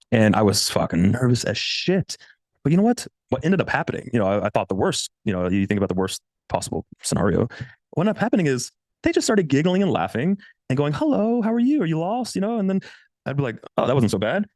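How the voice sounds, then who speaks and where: A fast-talking man in his thirties delivers blunt, profane dating advice as a casual coaching monologue, with no room sound. His animated delivery swings in pitch for quoted voices.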